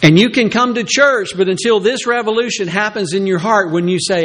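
A man's voice: brisk, slight background noise. A man preaching a sermon as pastor, who acts out voices of the people in his story. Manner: animated preaching, acts out Peter's reluctant excuses in a high voice.

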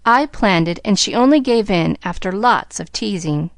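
A woman's voice: mid-range voice, lively intonation, moderate pace, vocal fry, dry recording, clean studio sound. A woman voicing a charming, mock-humble teen boy. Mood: playful. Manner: engaging, mock-humble, grand. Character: charming teenage boy, playful rascal.

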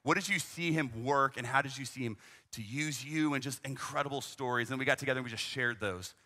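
A man's voice: medium pitch, fairly quick, pushed and bright. A young man, a youth ministry leader, telling a travel story in a conversational way, full of "man" and "right?" asides. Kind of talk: storytelling talk.

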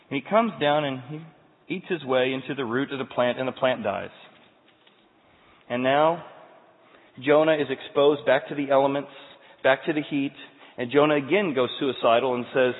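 A male pastor preaching a sermon, telling the story in an animated way and moving between loud and quiet passages. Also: mid-range voice. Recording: tinny sound, long hall reverb.

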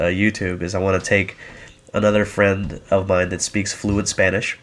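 A man's voice: lowish voice, a bit bright. A young man co-hosting a podcast, telling a rambling story in casual chat and laughing through it. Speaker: podcast co-host.

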